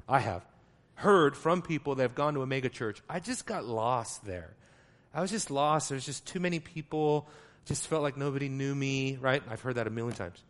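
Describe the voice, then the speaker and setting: Soft-to-loud emphatic male preacher. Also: a little high. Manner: swings between soft asides and loud emphatic stresses; teaching, explains Greek wording. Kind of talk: sermon.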